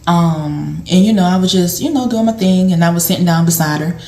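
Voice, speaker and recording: A woman's voice: fairly low pitch, brisk, warm tone. Woman rambling casually in an echoey room. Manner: rambling and conversational, with many fillers. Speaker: vlogger and former home health aide. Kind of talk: casual storytelling vlog. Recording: roomy echo.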